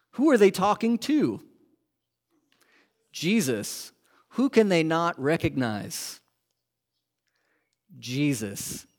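Preaching a sermon, a pastor with a fairly high voice quizzes his congregation. His delivery alternates between forceful emphasis and soft, hushed moments.

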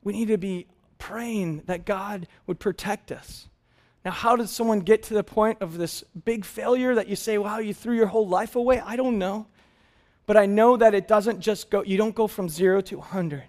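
A man in his thirties preaching a sermon as pastor, telling a family story with animated laughs. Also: high voice, moderate pace.

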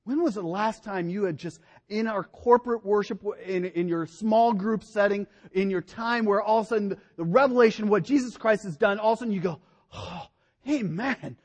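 High-voiced animated preacher man. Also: fairly quick, hardly any pauses. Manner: animated, voice rising and dropping for emphasis. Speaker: pastor. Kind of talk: sermon.

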